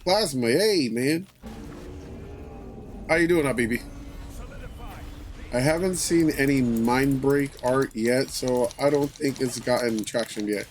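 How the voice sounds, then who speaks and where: A man hosting a livestream, chatting casually with viewers in a relaxed way, swearing often and repeating his phrases. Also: mid-range voice, slow pace, pauses often, faint music behind. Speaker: livestream host.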